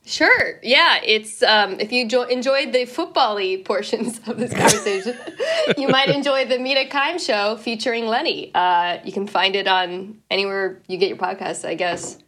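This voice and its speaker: A chatty woman on a remote link, with a higher voice and a bright, crisp tone. She jokes at her own expense and laughs easily through casual podcast banter. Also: normal speed. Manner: chatty, laughs often, self-deprecating. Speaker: guest podcaster.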